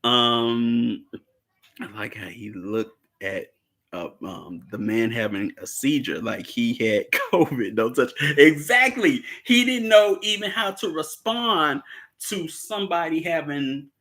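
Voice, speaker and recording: Bright-voiced man recapping a film. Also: medium pitch, lively intonation, takes it slowly. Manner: rambling, chuckles often, acts out characters' lines. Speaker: movie discussion participant. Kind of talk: casual chat recapping a film.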